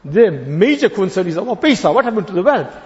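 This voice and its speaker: Animated preacher. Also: male voice, high-pitched, quick pace. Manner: animated, acts out voices in the story. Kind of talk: sermon with storytelling. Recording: long hall reverb, dull lo-fi sound.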